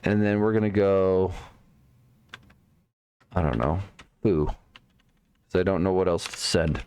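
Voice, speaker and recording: Slow, muttering man debugging code aloud. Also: sits low, a little mellow, clear, resonant tone. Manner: muttering to himself, trailing off, repeating words. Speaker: live-streaming programmer.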